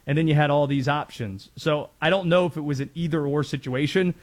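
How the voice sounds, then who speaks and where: A man's voice: on the high side, fairly quick. A man from North Carolina hosting a sports talk show, chatty and joking.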